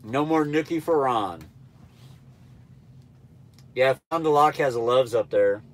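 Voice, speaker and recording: A man's voice: mid-range voice, slow. A man with a nasal, stuffed-up voice chatting casually on a live stream, answering viewers in a laid-back, blunt, rambling way. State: stuffy nose. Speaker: truck driver trainer livestreaming.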